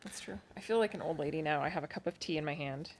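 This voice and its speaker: Woman podcast co-host, low-pitched, relaxed and chatty, quick to laugh at herself. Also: a little hiss or hum. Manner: chatty, self-deprecating, laughs often. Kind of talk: casual chat. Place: home at night, kids asleep nearby.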